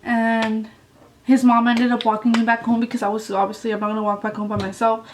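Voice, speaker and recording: A woman's voice: a little high, flat delivery, brisk, recorded from a distance, a little hiss or hum, low-quality recording. A young woman telling a story on her vlog in a blunt, casual way, swearing a lot and saying "like" often. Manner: blunt, heavy swearing, lots of "like". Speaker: vlogger.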